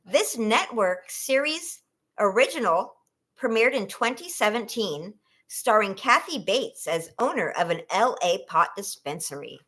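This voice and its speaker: A woman's voice: medium pitch, expressive, unhurried, a bit bright. A woman from California hosting a casual trivia livestream, chatty and giggling often as she reads questions and talks to viewers.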